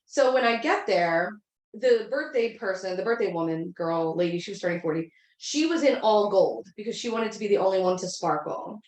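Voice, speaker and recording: A woman's voice: medium pitch, lively intonation, moderate pace. Rambling thirties woman in an echoey room. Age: 30s. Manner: rambling, full of "like" fillers. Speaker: podcast co-host. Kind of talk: casual storytelling.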